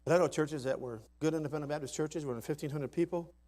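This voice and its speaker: A man preaching in a church in a folksy, emphatic manner. His voice sits a little higher than most men's, and he swings from quiet asides up to loud climaxes. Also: quick pace. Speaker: pastor. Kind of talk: sermon. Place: church sanctuary.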